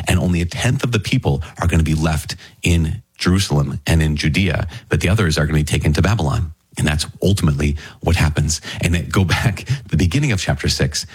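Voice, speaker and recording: A man's voice: extremely low pitch, quick pace, hardly any pauses, husky. A man teaching scripture in a conversational way. He is earnest and enthusiastic and speaks straight to his listeners. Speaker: Catholic Bible teacher.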